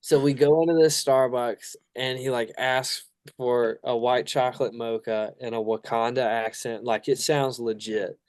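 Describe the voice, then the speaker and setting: Smooth-voiced man recounting a prank. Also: mid-range voice, measured pace, few pauses, no echo. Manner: relaxed, amused anecdote telling. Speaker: band member guest. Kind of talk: casual storytelling.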